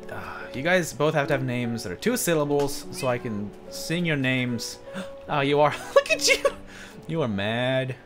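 A gaming commentator giving excitable let's play commentary, jumping from yelps to low mutters and laughing often. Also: moderate pace, music in the background.

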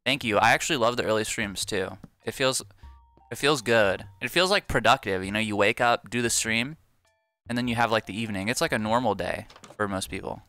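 A man's voice: on the low side, quick pace, pushed and bright, faint music behind. A man livestreaming a game, chatting casually with viewers and goofing around with silly bits. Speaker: streamer.

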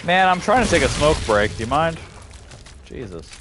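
A man's voice: on the high side, big pitch swings, moderate pace, background noise. A man streaming a horror game live, talking it through in a put-on English accent, swearing freely and chatting to the monsters. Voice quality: mock Cockney-style voice, swears freely, talks to himself and the monsters. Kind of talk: live gameplay commentary.

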